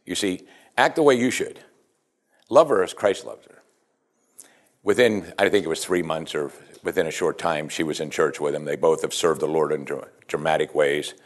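A man's voice: rumbling low, moderate pace. A man preaching a sermon as pastor in a conversational way, often saying "you see" and restarting his sentences.

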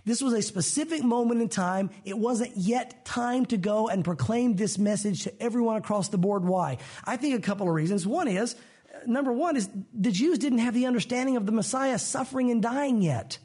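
High-pitched male pastor preaching verse by verse, mixing read scripture with casual asides. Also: moderate pace, a little mellow. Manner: expository preaching, reads scripture aloud and acts out quotes with shifting voices; conversational asides to the congregation. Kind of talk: sermon.

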